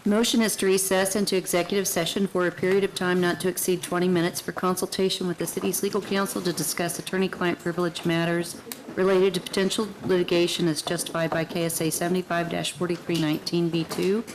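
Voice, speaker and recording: Woman attorney reading the motion, flat and formal, lowish voice. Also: background noise. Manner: formal, measured. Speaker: city attorney. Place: city council chambers.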